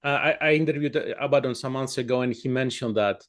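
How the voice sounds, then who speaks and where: A man's voice: mid-range voice, fast. Hesitant male interviewer on a call. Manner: hesitant, many fillers. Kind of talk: interview questions. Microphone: video call.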